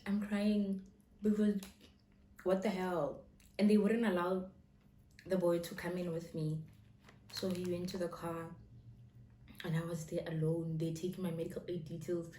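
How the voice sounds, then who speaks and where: A young woman casually telling a personal story as a vlogger, animated and dramatic, switching between English and Setswana phrases. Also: on the low side, measured pace, long pauses. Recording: roomy echo, faint background noise.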